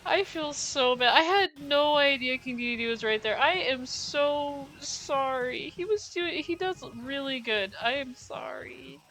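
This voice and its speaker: A young woman streams a racing game and chats casually over the game music, rambling with lots of fillers, apologizing and laughing often. Her voice sits high and a bit bright, animated at a moderate pace with hardly any pauses, though the recording is rough.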